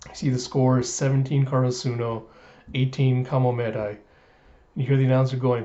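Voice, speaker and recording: Man, casual reaction recap, hesitant rambling, medium pitch, dull lo-fi recording. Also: flat delivery, moderate pace, dark tone. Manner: rambling, hesitant with many uhs. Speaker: manga reviewer.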